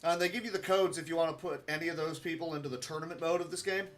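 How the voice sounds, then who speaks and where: A man's voice: on the high side, fairly even intonation, very fast, fairly bright tone, soft background music. A man speedrunning a game live, giving muttered, wry running commentary to himself.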